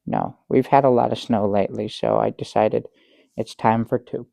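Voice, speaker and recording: An actor playing a bumbling middle-aged guest who rambles through a tall tale with many restarts, in improvised sketch comedy. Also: male voice, lowish voice, fairly even intonation, normal speed, vocal fry, dark tone, no room sound. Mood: dry, halting. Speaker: guest on a comedy talk show.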